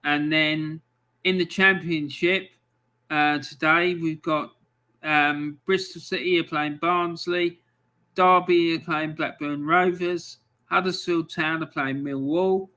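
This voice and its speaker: Casual male stream host, unhurried delivery with ums, bright tone. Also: on the high side, fairly even intonation. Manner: chatty, reads out fixtures with frequent ums. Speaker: live football score stream host. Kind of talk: casual live-stream commentary.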